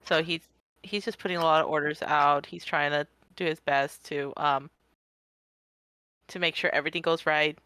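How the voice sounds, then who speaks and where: A woman's voice: low voice, fairly even intonation, moderate pace, sharp tone, no room sound. A young woman playing a tabletop role-playing game, describing her character in a hesitant way with many fillers. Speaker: player.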